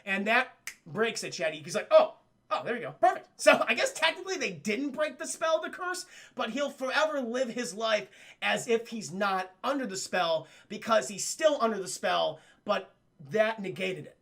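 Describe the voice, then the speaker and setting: A young man casually retelling a cartoon episode to his live chat, animated and profane, jumping up and down in pitch when he quotes the characters. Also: normal speed, gravelly. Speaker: cartoon reviewer streaming to chat.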